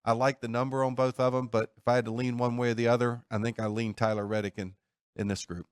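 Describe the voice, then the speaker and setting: A man hosting a sports betting talk show from a studio, talking in a steady, methodical way. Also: mid-range voice, fast, smooth, dry recording. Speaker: host.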